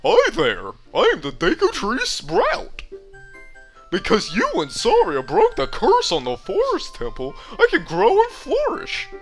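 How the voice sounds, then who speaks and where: A chirpy, childlike tree sprout spirit from a video game chatters in a squeaky, sing-song voice pitched very high, as an Australian man puts it on. Bright, lively and bouncy, with the Australian accent still heard. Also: measured pace, faint music behind, heavily acted.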